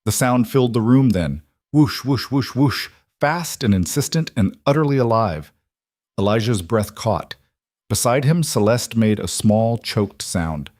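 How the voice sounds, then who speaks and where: A man narrating a scripted story in an even, measured way. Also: on the low side, dry recording, studio quality.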